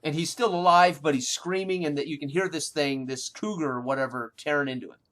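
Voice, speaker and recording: A man's voice: on the high side, fairly quick, fairly bright tone. A man narrating as game master of a tabletop game, hesitant, with many fillers and restarts.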